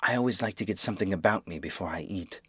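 A male narrator puts on a desperate invisible man with a low, dark voice. He bites off short commands and quiet threats. The sound is dry and close, with no room around it. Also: fast, slightly rough, no room sound. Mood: curt.

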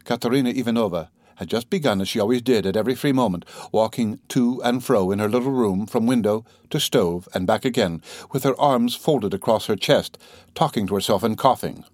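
A man's voice: lowish voice, fairly quick, a little mellow, no room sound. Man narrating a classic novel, dry close sound. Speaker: audiobook narrator.

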